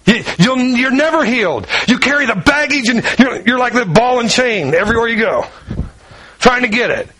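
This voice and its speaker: A man preaching a sermon with a fairly high voice. He tells the story with lively energy, acting out each character's lines as he paces about. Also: moderate pace, slightly rough, poor audio. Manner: walks around while preaching.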